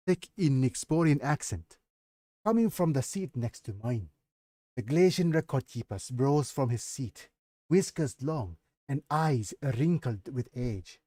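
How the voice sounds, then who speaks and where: Brief: Nigerian-accented male streamer reading his novel, warm mellow tone, dry close sound, chatty asides. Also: mid-range voice, expressive, slow, no echo. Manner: breaks off to comment and laugh at himself. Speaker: streamer and author. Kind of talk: reading his own novel aloud on a livestream.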